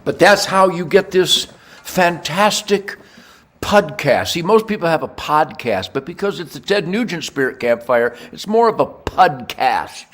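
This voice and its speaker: An older man hosting a podcast, ranting in a rambling monologue with crude jokes, swinging from low mutters to loud shouts. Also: animated, measured pace. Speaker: podcast host.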